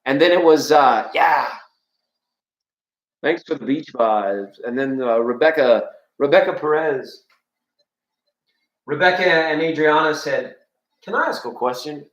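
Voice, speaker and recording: A man's voice: takes it slowly, pauses often, highs cut off. A man hosting a live tarot reading, talking to his chat in a rambling, playful, jokey way. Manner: rambling, playful, jokey, shifting pitch and loudness. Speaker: tarot reader and livestream host. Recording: echoey room.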